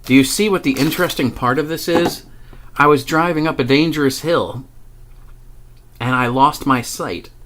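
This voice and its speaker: A man with a voice of ordinary pitch recounts a paranormal experience in a loose, casual monologue. He rambles, swears freely, restarts his sentences and laughs now and then as he talks. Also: a bit bright. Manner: rambling and profane, with many restarts and chuckles. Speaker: paranormal vlogger.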